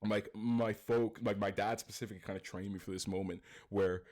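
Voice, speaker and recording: Canadian podcast co-host, lowish voice, slangy and profane, leans on "right?". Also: male voice, fairly even intonation, brisk, darkish tone. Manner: loose, slangy talk with lots of swearing and "right?". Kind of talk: casual chat.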